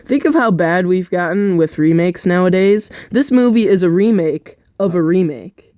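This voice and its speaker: Blunt young man with a smooth voice. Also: high-pitched, expressive, moderate pace, a little mellow, no echo. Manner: blunt, opinionated, emphatic. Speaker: movie review co-host. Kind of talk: casual movie chat.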